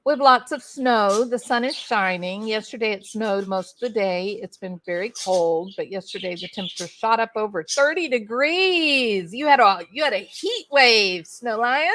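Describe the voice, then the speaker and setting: A middle-aged woman runs a casual livestream from home, animatedly reading chat and naming viewers in a homey, folksy style. Her voice leans high and a bit bright, moving at a moderate pace.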